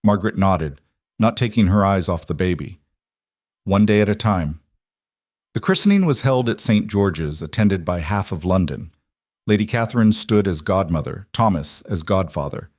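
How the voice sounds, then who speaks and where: A man narrating a scripted story in a steady, measured way. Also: deep voice, no echo, clean studio sound.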